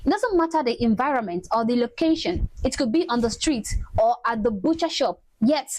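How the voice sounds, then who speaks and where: Woman, scripted voiceover, slow and deliberate, indignant, fairly high voice, faint noise. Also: animated, a little mellow. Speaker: video narrator.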